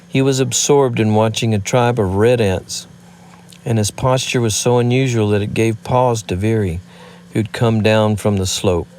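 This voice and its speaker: Male narrator, audiobook reading, measured, lowish voice, faint hiss. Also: steady tone, a little mellow. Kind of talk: scripted narration.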